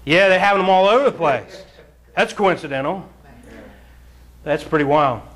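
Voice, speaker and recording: A preacher with a high-pitched male voice leads his congregation through scripture verse by verse. He tells the stories with lively energy, acting out scenes and laughing along the way. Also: normal speed. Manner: animated storyteller, acts out scenes and chuckles often; addresses the congregation directly, urging them to read along. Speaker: pastor. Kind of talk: sermon, verse-by-verse Bible teaching.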